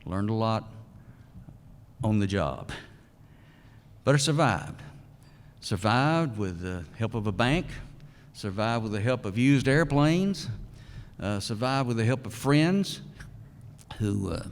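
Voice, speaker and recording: An older man, giving a folksy, halting acceptance speech as a hall of fame inductee. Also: on the low side, animated. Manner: folksy, halting storyteller with many pauses. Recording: long reverb of a large hall.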